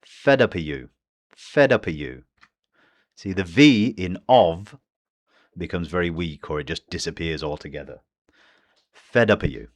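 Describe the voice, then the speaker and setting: A man with a British accent teaching English pronunciation, slowly modelling phrases one by one. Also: deep voice, expressive. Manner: slow, deliberate modelling of phrases. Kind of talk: pronunciation lesson.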